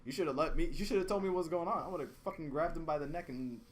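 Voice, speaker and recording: Young male podcast co-host, fairly high voice, swears a lot, acts out every voice in his story, light hiss behind. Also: rapid-fire. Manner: animated, profane, acts out both sides of the argument. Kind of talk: casual storytelling chat.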